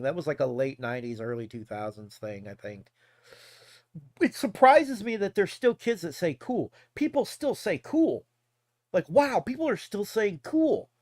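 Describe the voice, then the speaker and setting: A rambling, profane man in his forties holds forth to a live stream, laughing between tangents. His voice sits a little high and swings widely in pitch. The sound is dry and close. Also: darkish tone, dry recording. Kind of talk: casual rant.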